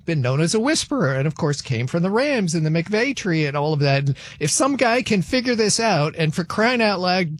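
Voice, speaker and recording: A man co-hosting a sports radio show, talking in a measured, opinionated way and reading scores briskly. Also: high-pitched, no room sound. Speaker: sports radio co-host and update anchor.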